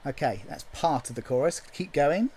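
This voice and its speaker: A man's voice: on the high side, expressive, normal speed, a little mellow, breathy edge. A man chatting casually as he writes a song, thinking aloud in a jokey, self-deprecating way. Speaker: songwriter. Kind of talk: casual chat while writing a song.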